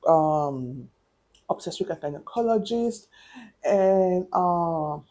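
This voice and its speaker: A woman telling a personal story to her camera in a casual, animated way, acting out what people said and sounding a little out of breath. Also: on the low side, slow. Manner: animated, acts out quoted dialogue. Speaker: vlogger.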